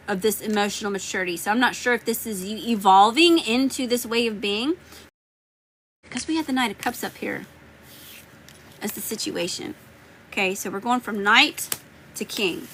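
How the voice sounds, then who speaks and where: A woman's voice: mid-range voice, normal speed, a bit bright, a little hiss or hum, poor audio. A woman with a Southern US accent giving live tarot readings, chatting and greeting viewers by name. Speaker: tarot reader.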